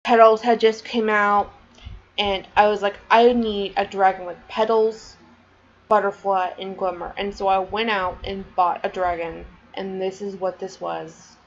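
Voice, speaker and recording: A woman's voice: medium pitch, little pitch movement, unhurried, highs cut off. A woman casually chatting on a vlog, showing off her collection and rambling with lots of "um" and "like.". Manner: chatty, rambling, many fillers. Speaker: vlogger. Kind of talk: casual show-and-tell.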